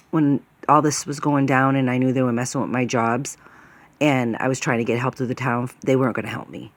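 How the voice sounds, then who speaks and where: A woman's voice: sits low, no echo. Upset woman rambling through a story. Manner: rambling, upset, many fillers like "okay?" and "right?". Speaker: vlogger telling a personal story. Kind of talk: casual storytelling monologue.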